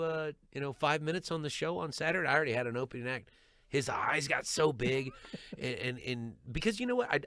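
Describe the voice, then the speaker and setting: A middle-aged man, a stand-up comedian, telling stories in an animated way and often repeating words as he restarts. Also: medium pitch, dry recording. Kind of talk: storytelling chat.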